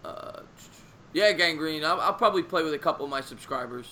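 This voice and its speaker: A man's voice: fairly high pitch, lively intonation, a little fast, sharp tone, slight background noise. A man hosting a live stream, chatting casually in a rambling way with frequent laughs. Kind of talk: casual chat.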